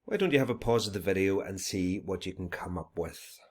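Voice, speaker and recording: A man teaching a recorded video lesson, chatty and jokey, now and then building to bursts of excitement. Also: sits low, brisk.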